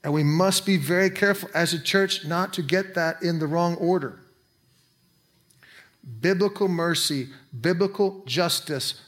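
Male pastor preaching, casual asides, voice sits a bit high. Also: fairly bright tone. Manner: conversational preaching with quick asides. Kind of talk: sermon.

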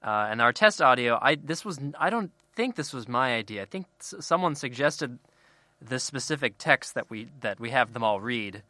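A man's voice: medium pitch, animated, normal speed, pushed and bright, no echo. A man co-hosting a podcast in casual chat, playful and joking. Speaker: podcast co-host.

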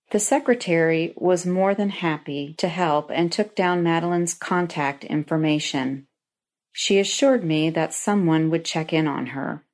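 A woman's voice: fairly low pitch, measured pace. A middle-aged woman reading a personal story aloud in an earnest, heartfelt way, as a lodge member.

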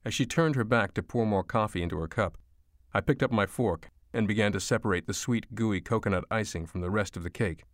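A man narrating an audiobook in the first person at a measured, steady pace. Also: lowish voice, dry recording, studio quality. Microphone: studio mic.

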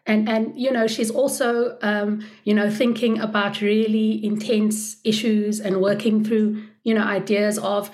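A woman interviewing an artist in a relaxed way, encouraging him and hesitating with fillers as she frames her questions. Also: mid-range voice, a little slow, few pauses. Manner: encouraging, with frequent affirming murmurs and hesitant fillers. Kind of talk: casual interview conversation.

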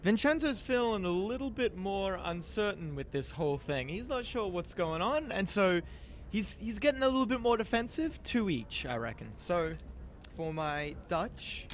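A man's voice: sits high, moderate pace, a little hiss or hum. A man playing a tabletop game, eagerly describing his character's moves. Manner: animated, eager. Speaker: player.

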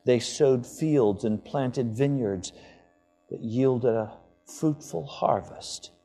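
A man's voice: mid-range voice, slow, mellow, faint music behind. A male pastor delivering a sermon to his congregation, building to fervent declarations. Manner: impassioned preaching, rising to fervent declarations.

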